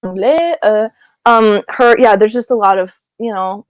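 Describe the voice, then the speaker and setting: A woman's voice: medium pitch, measured pace, soft background music. A woman voice actor chatting as an interview guest, giggly and gushing, rambling a bit as she talks. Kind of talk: casual interview chat.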